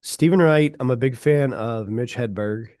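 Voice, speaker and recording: A man's voice: medium pitch, moderate pace, dark tone, no room sound. A man hosting a radio show, chatting casually and with enthusiasm in a studio, saying "like" a lot. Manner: enthusiastic, laid-back, says "like" often. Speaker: radio host. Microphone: studio mic.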